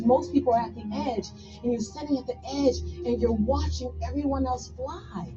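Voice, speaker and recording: A woman's voice: high-pitched, fairly quick, music in the background. A woman speaking as a guest, telling her story in an emphatic motivational style and repeating phrases for effect. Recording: slightly muffled radio broadcast.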